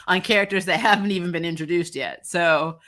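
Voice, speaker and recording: A woman chatting casually as a podcast guest, animated and ranting, laughing often. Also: fairly low pitch, brisk.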